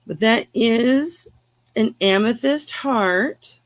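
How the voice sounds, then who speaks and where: A woman's voice: on the high side, animated, very slow, no room sound. A woman hosting a live jewelry auction in a casual, chatty, teasing way, talking to viewers by name. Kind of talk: casual live-stream selling chat.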